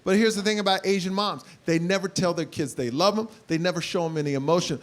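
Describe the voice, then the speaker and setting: A man in his forties performing stand-up on stage in front of a live audience, telling stories animatedly and bursting into loud impressions. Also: high-pitched, quick pace, hardly any pauses. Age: 40s. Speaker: stand-up comedian. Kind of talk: stand-up comedy.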